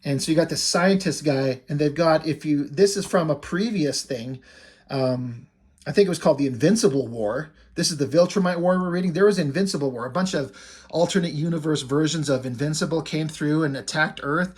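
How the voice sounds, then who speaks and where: Male comic reviewer, slightly high voice, relaxed conversational plot recap. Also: fairly quick, slightly rough. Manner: chatty, retells scenes with "he's like" quotes.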